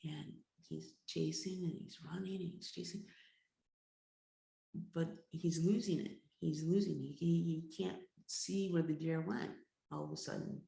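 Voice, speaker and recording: Gravelly-voiced woman telling a story. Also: sits low, fairly even intonation, mellow. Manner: repeats words, builds suspense, slows down for drama. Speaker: healer and teacher. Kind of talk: oral storytelling in a class. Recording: roomy echo.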